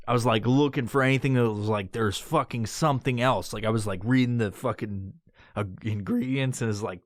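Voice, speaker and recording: A man in his thirties, a podcast host, telling a rambling, profane story in casual talk and breaking into loud high-pitched voices when he quotes someone. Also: fairly quick, no echo, clean studio sound.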